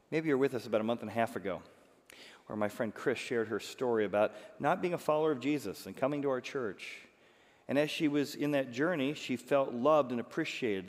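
A man preaching a sermon as pastor, animated and punching words with loud emphasis. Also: medium pitch. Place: church auditorium. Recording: long hall reverb.

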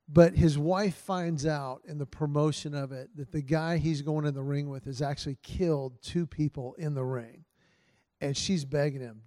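A man speaks earnestly to a church men's group, his voice dark and mellow and sitting a little high for a man. He tells stories with feeling and drops softer for quoted lines. The sound is close and dry. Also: no echo.

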